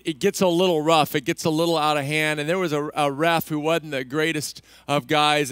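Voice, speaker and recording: A male pastor from Texas preaching a sermon, telling a story with lively delivery and acting out the voices of people in it. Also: fairly high pitch, clear, resonant tone, dry recording. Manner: animated, acts out voices in his stories. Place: church stage.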